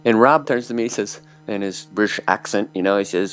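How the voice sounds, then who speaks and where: Low-voiced man telling stories, lo-fi. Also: fairly quick, soft background music. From Michigan, USA. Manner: rambling anecdotes, many fillers. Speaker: metal singer, guest. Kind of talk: storytelling interview. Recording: dull lo-fi audio.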